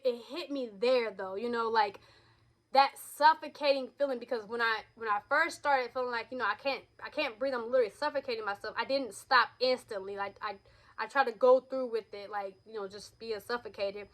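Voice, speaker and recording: A woman's voice: fairly high pitch, normal speed, fairly bright tone. A woman in her thirties speaking candidly in a personal vlog, raw and emotional, blunt, with frequent swearing and restarts. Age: 30s. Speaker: vlogger.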